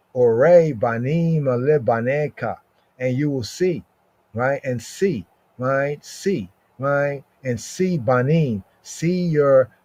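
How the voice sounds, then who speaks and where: A man teaches scripture at a very slow, measured pace. He repeats each phrase several times and often checks in with "right?" The recording sounds a little dull and lo-fi. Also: mid-range voice, darkish tone. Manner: repetitive, drawn-out recitation with frequent "right?". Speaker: podcast teacher. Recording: slightly dull lo-fi audio.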